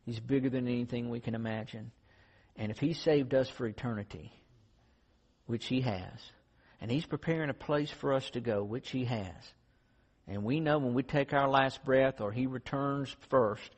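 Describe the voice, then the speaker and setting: A man with a medium-pitched voice preaches a sermon at a moderate pace, telling it in an earnest, conversational, story-like way before ending with a prayer. The audio is dull and lo-fi, captured in a reverberant hall.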